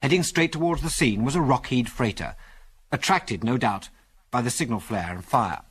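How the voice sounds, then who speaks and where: A man's voice: medium pitch, moderate pace, slightly rough. A man narrating an adventure story in a dramatic, storytelling manner. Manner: dramatic storytelling, animated delivery.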